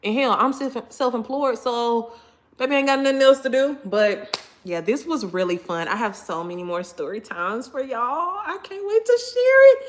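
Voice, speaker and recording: Animated woman chatting to live viewers. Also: a little high, moderate pace. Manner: animated, expressive, slangy. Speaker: live-stream host. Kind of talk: casual chat with live viewers.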